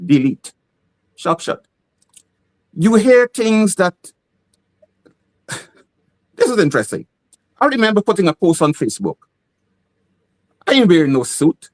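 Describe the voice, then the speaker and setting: A man with a Guyanese accent speaks as a playwright in an interview, telling animated stories. His voice sits notably high for a man. He slips into the voices of the people in his stories as he goes. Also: unhurried, pauses often, rough recording. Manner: animated, acts out quoted voices. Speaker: playwright guest. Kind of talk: interview storytelling.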